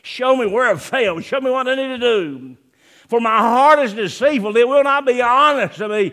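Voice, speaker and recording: A male pastor delivers a sermon in a high, bright voice that rises and falls widely. He speaks slowly and deliberately, swinging from loud, emphatic lines to hushed ones, and reads scripture in old-fashioned wording. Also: animated.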